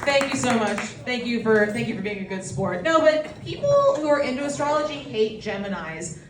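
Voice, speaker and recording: A woman doing a stand-up comedy set at a bistro, with a quick, self-deprecating delivery and crude punchlines. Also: on the high side, animated, very noisy. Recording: echoey room from a distance, loud crowd.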